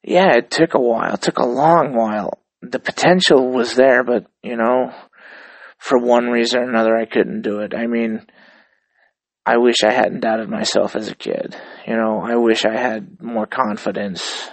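Man, 30s, solo host; relaxed, profane, reflective ramble; dry recording. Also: medium pitch, normal speed, dry recording, poor audio. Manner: loose, profane, reflective and upbeat. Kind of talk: casual rambling monologue.

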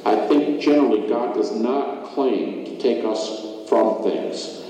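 A man's voice: mid-range voice, warm tone. Man's reflective story in an echoey hall. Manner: halting, reflective retelling with restarts. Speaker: speaker recounting a personal loss. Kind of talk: earnest personal testimony. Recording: echoey hall picked up from far off.

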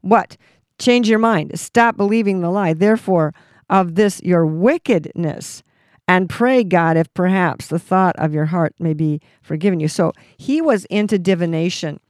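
A woman's voice: on the low side, a little slow, darkish tone, dry recording, studio quality. A woman leading a ministry, giving a Christian teaching talk in a fervent, exhorting way with frequent restarts. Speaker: ministry leader and Bible teacher.

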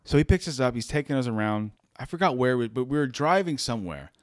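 A man's voice: mid-range voice, fast talker, dry recording. A man telling a story in casual chat from a makeshift home studio. He laughs often, restarts his sentences and jumps into quoted voices. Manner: animated, laughs a lot, many restarts.

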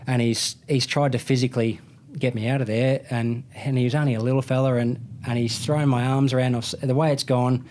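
A man's voice: medium pitch, steady tone, a little fast, darkish tone, slight background noise. Aussie bloke in his 30s telling a wild story, mid voice, keeps restarting and correcting himself. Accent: Australian. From Australia. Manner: rambling, self-correcting anecdote with slang. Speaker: guest, motorcycle racer. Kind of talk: casual storytelling.

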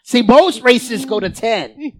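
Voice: mid-range voice, lively intonation, slow pace, crowd noise. A playful podcast guest in casual chat.

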